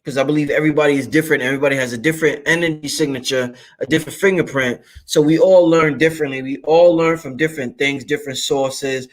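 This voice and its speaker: A man with a fairly high voice hosts his own channel in a loose, animated monologue. He speaks emphatically and drops curse words freely for emphasis. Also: fast, few pauses. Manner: freewheeling, emphatic and profane. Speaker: channel host. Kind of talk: casual monologue to camera.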